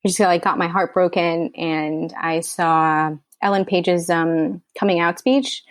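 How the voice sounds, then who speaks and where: A woman's voice: lowish voice, fairly even intonation, unhurried, no room sound. A woman from Queens, New York, a writer-director telling a personal story in an interview, candid and emotional, her speech full of "like" and "you know.".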